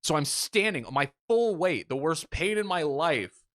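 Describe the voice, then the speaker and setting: Forceful, self-mocking male podcast host. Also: fairly high pitch, a little slow, no echo, studio quality. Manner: animated, self-mocking, swearing freely. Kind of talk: casual storytelling chat.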